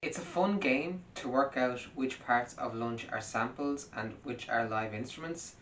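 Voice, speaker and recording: A man's voice: measured pace, fairly bright tone. Wry man narrating from a distant mic. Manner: wry, analytical commentary. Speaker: music video essayist. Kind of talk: scripted narration. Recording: roomy, distant mic with faint rumble.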